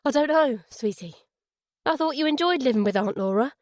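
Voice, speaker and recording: A woman's voice: high voice, expressive, a little fast, a little mellow, no room sound, studio quality, pitched above the performer's own voice. A woman voicing a guilt-ridden father who forces lightness into his voice. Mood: strained. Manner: forced cheerfulness over guilt.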